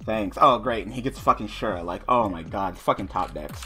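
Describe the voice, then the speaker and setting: A young man hosts a video of his online card game, speaking a little fast in a fairly low voice with a sharp tone as faint music plays. Under his breath he reads the cards aloud; when the draws go badly, he rants in frustration and swears a lot.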